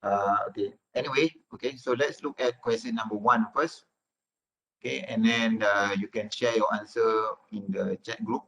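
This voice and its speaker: A man's voice: on the low side, steady tone, normal speed, gravelly, a bit bright, rough recording. A man giving an online class lecture as a university lecturer, filling nearly every phrase with "okay" and "uh".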